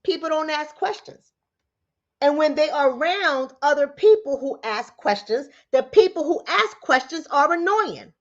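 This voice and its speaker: A woman with a New York accent from the Bronx, talking fast and preaching to her viewers with rhetorical questions. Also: high-pitched, expressive, highs cut off. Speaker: relationship coach and commentator. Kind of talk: direct-to-camera commentary.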